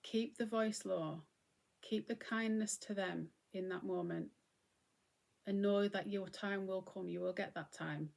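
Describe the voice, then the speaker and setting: A middle-aged woman giving a gentle, conversational talk on mindfulness and acceptance as host. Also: medium pitch, vocal fry. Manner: gentle, conversational, often acting out what she would say.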